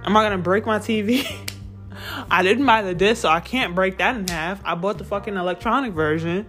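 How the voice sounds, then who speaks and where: A woman's voice: medium pitch, moderate pace, a bit bright, soft background music. A woman ranting casually about a video game, profane and exasperated, often breaking into laughter. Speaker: gamer reviewing a video game.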